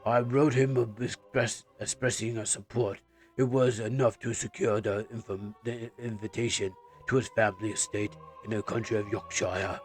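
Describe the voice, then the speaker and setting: A man voicing a vengeful young nobleman who avenges his mother, reading game dialogue in a solemn, halting period style. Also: lowish voice, fairly even intonation, soft background music, close to an everyday voice.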